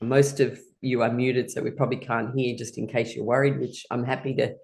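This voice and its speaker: Low-voiced cheerful woman laughter teacher. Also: level tone, a little fast, vocal fry, a little mellow. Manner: cheerful, encouraging, breaks into laughter easily. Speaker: laughter yoga instructor. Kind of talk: leading an online laughter class.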